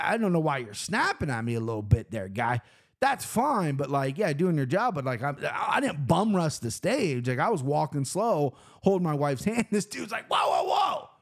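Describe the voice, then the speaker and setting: A man's voice: on the high side, big pitch swings, normal speed. Rambling, profane man from Cincinnati. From Cincinnati, Ohio, US. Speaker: vlogger. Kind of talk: casual storytelling recap.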